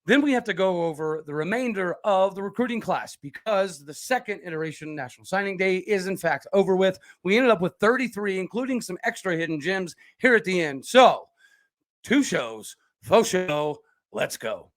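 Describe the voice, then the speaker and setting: A man hosting a casual sports podcast, talking fast and stumbling over repeated words. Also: high voice, expressive. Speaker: podcast host.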